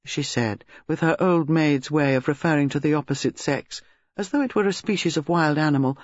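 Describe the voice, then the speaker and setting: A man reading narration for an audiobook in a measured, expressive manner. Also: fairly high pitch, dry recording. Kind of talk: scripted narration. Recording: dull lo-fi recording.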